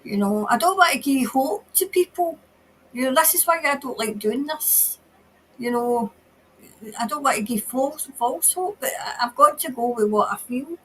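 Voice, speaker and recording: A woman tarot reader doing a psychic reading on a livestream. She talks in an emotional, halting way and sometimes drops to a whisper. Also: high voice, expressive, fairly bright tone, slightly rough, poor audio.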